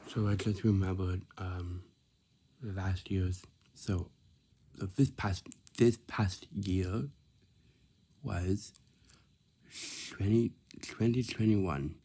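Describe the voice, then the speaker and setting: A man telling a rambling casual story, repeating himself and dropping into soft whispers. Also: sits low, steady tone, extremely slow, pauses often, husky. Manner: repetitive, restarts phrases, drops into soft whispers.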